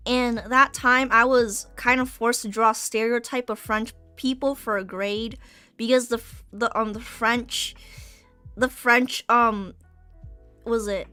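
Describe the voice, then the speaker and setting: A woman's voice: fairly high pitch, steady tone, a little slow, bright, forceful tone, smooth, dry recording, soft background music. A young woman streamer chatting casually while she draws, rambling with restarts and casual swearing, just over being sick. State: recovering from illness. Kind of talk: casual chat while drawing.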